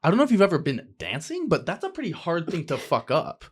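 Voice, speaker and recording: A young man, a podcast guest, telling a personal story in a casual, profane, slangy way, animated and acting out other people's voices. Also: on the high side, fast talker.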